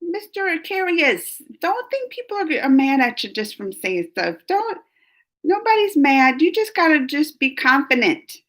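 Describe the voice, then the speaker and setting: A woman's voice: high voice, very animated, measured pace, a bit bright. A chatty woman, feeling a bit sick and rambling through a casual live chat with viewers, laughing often. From New Orleans, USA. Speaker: livestream host reading chat.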